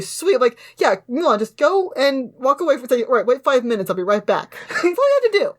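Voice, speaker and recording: A woman with a somewhat high voice talks through a movie review on a podcast. She keeps it casual and sarcastic, laughing as she mocks the scenes. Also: very animated, fast talker, hardly any pauses. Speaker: podcast co-host.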